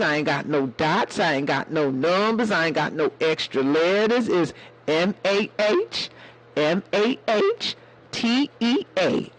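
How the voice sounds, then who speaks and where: A man's voice: high voice, a bit bright, rough recording. A man hosting a casual livestream chat in a sassy way, calling his viewers baby and honey. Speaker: livestream host.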